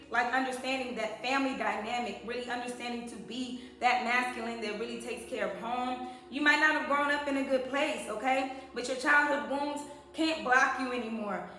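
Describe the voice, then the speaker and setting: A woman's voice: sits high, bright, forceful tone. A woman in her thirties giving a chatty, emphatic tarot reading to her viewers. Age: 30s. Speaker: tarot reader. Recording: very echoey room.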